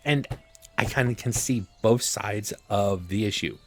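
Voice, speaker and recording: A man casually commenting on his gameplay, thinking aloud with relaxed fillers. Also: fairly low pitch, normal speed. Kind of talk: casual let's-play commentary.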